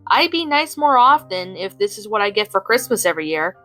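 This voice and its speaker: A woman's voice: medium pitch, sing-song, a little fast, sharp tone, soft background music, rough recording. A woman voicing a sarcastic female supervillain thief who snarls and purrs her lines in a fan story reading. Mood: snarky teasing. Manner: sarcastic, snarling, teasing purr.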